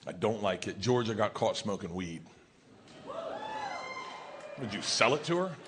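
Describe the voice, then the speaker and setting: A middle-aged man doing stand-up storytelling, loud and profane, acting out the quotes in his story. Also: lowish voice, lively intonation, a little slow, noisy background. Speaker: stand-up comedian. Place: comedy stage. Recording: live venue, long reverb, faint ambience.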